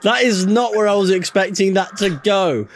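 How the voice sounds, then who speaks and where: A man's voice: sits high, steady tone, normal speed. A young man co-hosting a podcast in casual chat, incredulous, swearing and stumbling over his words. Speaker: podcast co-host.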